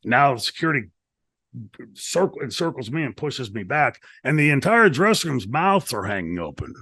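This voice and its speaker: A middle-aged man recounting a wrestling story in a shoot interview, animated and profane, acting out the lines people said. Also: mid-range voice, moderate pace, no room sound. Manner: animated, profane, acts out quotes in his story. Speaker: retired wrestler telling a story. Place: wrestling promotion studio. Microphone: studio mic.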